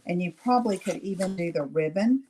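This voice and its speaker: Warm and animated, a middle-aged woman talks fairly quickly in a lowish voice as she demonstrates crafts live. After each step she checks in with viewers by asking "okay?", and a little background noise can be heard.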